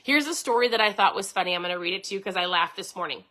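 A woman hosting a casual podcast monologue in a bright, sharp-edged voice. She talks chattily and keeps checking in with the listener through tag questions. Her pitch sits in the ordinary middle for a woman. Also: lively intonation, racing, hardly any pauses. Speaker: podcast host. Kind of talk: casual monologue, reading from a book.

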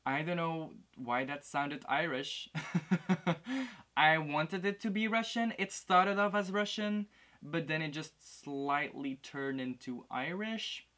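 A man's voice: on the high side, pushed and bright. Giggly self-deprecating male vlogger. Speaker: host. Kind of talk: casual unboxing vlog.

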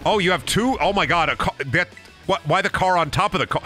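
Young male streamer, lively swinging pitch, bright tone; brash game commentary, lots of swearing. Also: a little fast, soft background music. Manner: loud, swearing, jumps into silly voices. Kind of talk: casual gameplay commentary.

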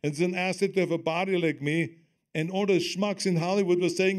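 High-sitting and brisk, the voice belongs to an older man with a German accent. He's a stage guest telling stories in conversation, lively and laughing often as he repeats what others said.

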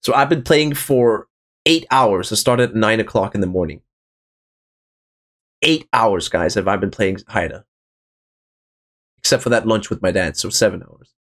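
A young man commenting on his own gameplay, excited and swearing, calling his viewers boys and guys. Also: lowish voice, normal speed, pauses often. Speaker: gaming channel host. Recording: faint music in the background.

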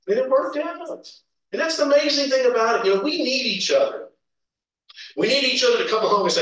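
Man, preacher, folksy storytelling, chuckles, fairly high voice, booming church echo. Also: very animated, fairly quick, a bit bright. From Kentucky, USA. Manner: folksy, chuckling, calls out amens. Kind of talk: informal sermon with personal stories. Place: church sanctuary. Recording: echoey church hall, distant mic.

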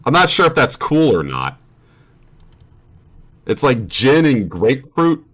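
A man's voice: medium pitch, big pitch swings, measured pace, a bit bright. A young man streaming while he plays a game, chatting in a rambling, profane and sarcastic way. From New Jersey family. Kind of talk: casual chat while gaming.

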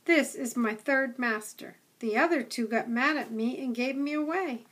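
A woman voicing a timid young dog who is anxious and gentle, speaking in a fretful, whimpering way. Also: sits high, moderate pace.

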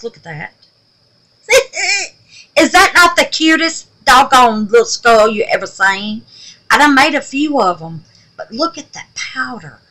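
A woman's voice: medium pitch, bright, forceful tone, rough recording. An older woman hosting a crafting video, chatting to viewers in a rambling, affectionate way, calling them baby and darling and teasing herself for forgetting things. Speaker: crafting channel host. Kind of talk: casual chat to viewers.

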